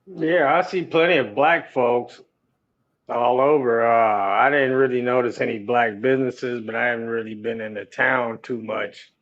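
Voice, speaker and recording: A man talking as a podcast guest and truck driver, relaxed and streetwise, swearing freely. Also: medium pitch, normal speed, muffled recording. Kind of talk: casual chat. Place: on the road, remote call.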